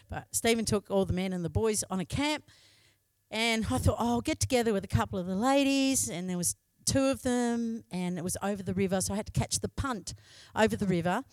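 A woman's voice: fairly high pitch, dry recording. A middle-aged Australian woman, a pastor's wife, telling a candid personal story in a sermon.

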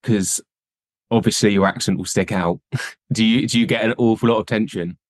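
A young man from England co-hosting a podcast in casual chat, halting and restarting, swearing casually. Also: on the low side, fairly even intonation, no room sound, studio quality. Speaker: podcast co-host.

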